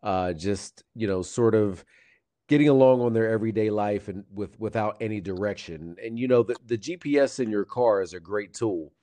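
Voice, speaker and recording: Mellow-voiced man calmly explaining finances. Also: lowish voice. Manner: measured, steady, with fillers and restarts. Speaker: guest financial advisor. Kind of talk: explanatory interview answers.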